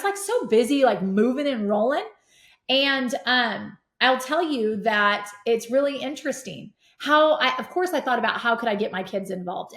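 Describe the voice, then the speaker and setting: A middle-aged woman telling stories as a podcast guest, energetic and animated. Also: a little high. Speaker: podcast guest, real estate investor. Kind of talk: casual conversation. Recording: roomy echo.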